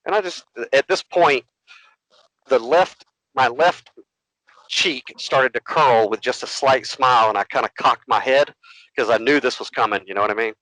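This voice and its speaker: A man co-hosting a podcast, telling a long story with lively asides and acting out other voices. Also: mid-range voice, moderate pace, no room sound, low-quality recording. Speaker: podcast co-host. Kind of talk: casual storytelling.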